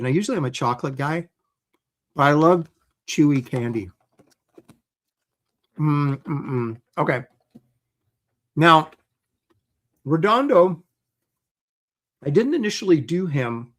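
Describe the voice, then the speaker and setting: A middle-aged man chatting casually as the host of a livestream. His voice sits at an ordinary middle pitch, and his talk is loose and rambling, full of ums and uhs. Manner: chatty, loose, lots of fillers.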